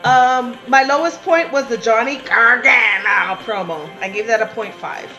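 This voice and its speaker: A woman co-hosting a wrestling podcast, giving scores in relaxed, casual talk. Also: a little high, measured pace, soft background music, rough recording. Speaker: podcast co-host. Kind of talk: casual chat.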